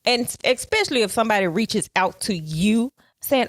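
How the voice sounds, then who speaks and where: A woman's voice: a little high, lively intonation, no echo. A woman co-hosting a casual podcast, speaking frankly and calling people out. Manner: frank, preachy, quick to call out. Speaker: podcast co-host.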